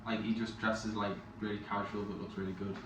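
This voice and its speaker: A young man co-hosting a podcast, bantering quickly and teasing in casual chat. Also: fairly low pitch, flat delivery. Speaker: podcast co-host. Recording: echoey room, distant mic, noisy.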